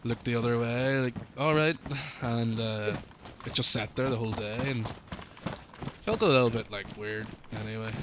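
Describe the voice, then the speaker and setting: A man's voice: mid-range voice, fairly even intonation, normal speed. A man with an Irish accent, a streamer chatting casually, rambling with lots of fillers and swearing freely. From Ireland. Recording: noticeable background noise.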